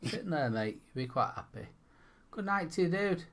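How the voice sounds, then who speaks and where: A man's voice: fairly high pitch, expressive, normal speed, fairly bright tone, slight background noise. A man with a northern English accent, hosting a casual online show and rambling through a playful, tipsy sign-off. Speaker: host.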